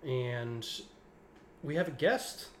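A man's voice: medium pitch, slow, slight background noise. A man co-hosting a film podcast, introducing the show and teasing his co-host in casual chat. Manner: dry teasing. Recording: roomy echo.

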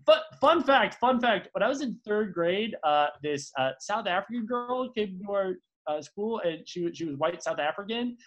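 A podcast co-host rambles through stories in loose, casual chat. The delivery is full of fillers and false starts, and the pitch leaps far up and down with a lively swing. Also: normal speed, hardly any pauses, highs cut off. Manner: rambling, with many fillers and restarts; swoops from low to high when excited.

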